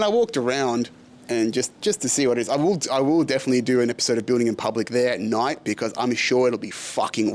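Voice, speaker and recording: Profane, animated young Australian man. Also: mid-range voice. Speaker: podcast host. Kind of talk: casual solo vlog rant.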